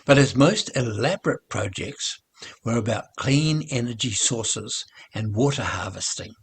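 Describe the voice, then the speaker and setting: An older man with a New Zealand accent, reading a children's story aloud in a measured way and softening almost to a whisper in sad parts. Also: medium pitch, husky. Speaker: storybook reader.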